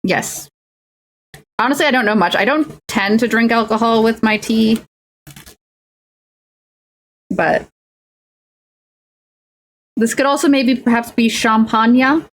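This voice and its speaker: A woman's voice: a little high, slow, pauses often. A young woman streaming as she builds miniatures, chatting playfully and making silly sing-song noises. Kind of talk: casual chat while crafting miniatures.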